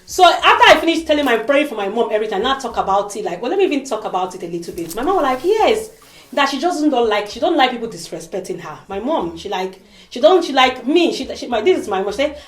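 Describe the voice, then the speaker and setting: A woman talks straight to camera in a casual vlog. Her fairly high voice swings up and down with lively emphasis. The room around her is echoey. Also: fairly quick. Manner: animated, emphatic, acts out quoted voices. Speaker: vlogger. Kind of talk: emotional casual vlog monologue.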